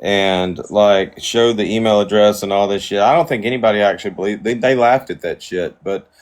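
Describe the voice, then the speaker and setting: A man's voice: fairly low pitch, fairly quick. Profane rambling male streamer. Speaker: livestream host. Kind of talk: casual chat.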